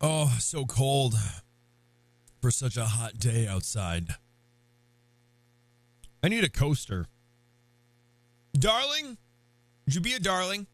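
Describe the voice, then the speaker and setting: A young man hosting a live game stream, hyped and playful, shouting greetings to his chat. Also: mid-range voice, very animated, takes it slowly, long pauses, no echo.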